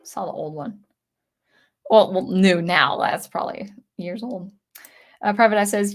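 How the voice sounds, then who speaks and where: A woman's voice: medium pitch, moderate pace, pauses often. Rambling, earnest woman host. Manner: rambling and earnest, repeats words often; indignant. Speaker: channel host. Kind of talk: casual livestream chat reading viewer comments.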